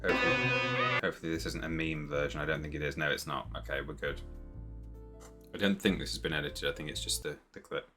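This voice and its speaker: A man's voice: extremely low pitch, steady tone, fast talker, over music. A man hosting a live stream, chatting casually and rambling with amusement about clips he plays. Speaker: streamer host.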